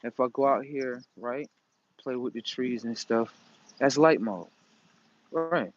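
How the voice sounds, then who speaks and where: A man's voice: medium pitch, slow, slight background noise. A man in a profane, rambling, emphatic casual monologue. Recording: dull lo-fi recording.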